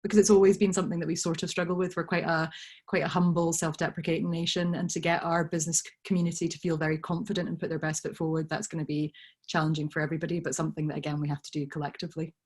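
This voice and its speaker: A woman with a slightly mixed Scottish accent, giving thoughtful, measured answers as an interview guest over a video call. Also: deep voice, little pitch movement, a little mellow, breathy edge. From Scotland. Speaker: guest, brand director.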